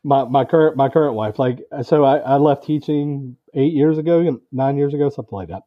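A man who used to teach, now in sales, tells a personal story as a podcast guest in casual, lively talk, acting out the dialogue and swearing freely. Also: medium pitch, fairly quick, lo-fi sound. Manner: animated, acts out quoted dialogue, swears freely.

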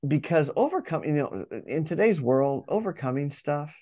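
A man who coaches and speaks in public, telling a story as an interview guest, animated and acting out his inner voice, with many restarts. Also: a little high, moderate pace. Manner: animated, acts out inner dialogue.

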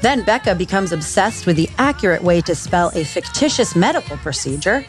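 A woman's voice: on the low side, expressive, fairly quick. A woman hosting a podcast, reading an upbeat scripted promo over faint music. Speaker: podcast host.

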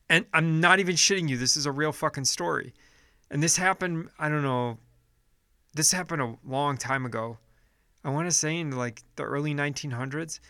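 A man's voice: a little high, pushed and bright, clear, resonant tone, no echo, clean studio sound. A man delivering a blunt, profane, exasperated casual rant, often restarting his sentences.

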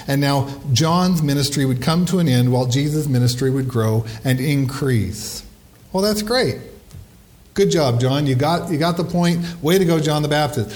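A middle-aged man, a pastor, preaching a sermon and slowing down to stress key phrases. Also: fairly high pitch, a little mellow.

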